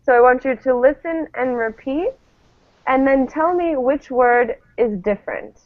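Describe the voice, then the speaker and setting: A woman's voice: sits high, unhurried. A woman teaching English pronunciation to a class, patiently modelling each word for students to repeat. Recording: tinny phone-like classroom recording.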